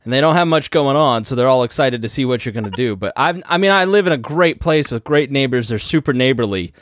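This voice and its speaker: A man's voice: mid-range voice, expressive, fast talker, no echo, studio quality. A man co-hosting a podcast, giving wry, joking commentary in casual chat.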